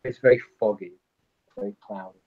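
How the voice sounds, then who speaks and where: A man narrating as game master of a tabletop game, unhurried and descriptive. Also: on the low side, fairly even intonation, breathy edge, phone-quality sound.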